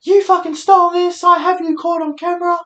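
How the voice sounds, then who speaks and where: A man doing a shrill older security lady. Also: flat delivery, fairly quick, a bit bright. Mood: shrill accusing. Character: older woman security guard, flustered, strained. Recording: roomy echoey room.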